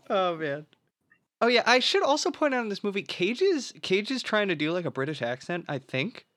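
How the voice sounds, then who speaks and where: A man's voice: high-pitched, very animated, moderate pace, fairly bright tone, dry recording. Dry-voiced rambling podcast man. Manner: rambling, filler-heavy, swears freely. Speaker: podcast co-host recapping the film plot. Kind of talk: casual podcast chat.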